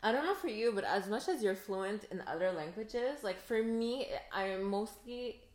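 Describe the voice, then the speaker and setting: A young French-speaking woman from Montreal chats easily on a podcast, relaxed and full of restarts. Her mid-pitched voice carries a roomy echo. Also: normal speed. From Montreal, Canada. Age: young adult. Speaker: podcast co-host. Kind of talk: casual chat.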